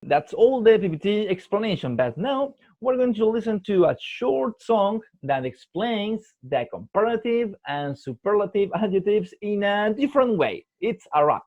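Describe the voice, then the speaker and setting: A male English teacher recording a slideshow lesson for his students. He switches between English and Spanish and explains patiently, slowing down to stress key words. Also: sits high, sing-song. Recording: tinny phone-like voice-over.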